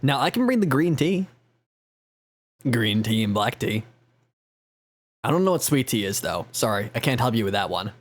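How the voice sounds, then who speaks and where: A man's voice: medium pitch, big pitch swings, normal speed, pauses often. A man chatting casually on a live game stream, rambling and self-mocking with frequent laughs.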